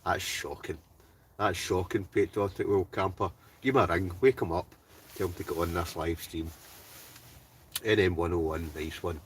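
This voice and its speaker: Low-voiced Scottish man chatting live. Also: steady tone, moderate pace, recorded from a distance, a little hiss or hum. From Scotland. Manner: chatty and upbeat, greets viewers by name. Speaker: wild camping livestreamer. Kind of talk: casual livestream chat, reading out viewer comments. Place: hot tent outdoors behind his house.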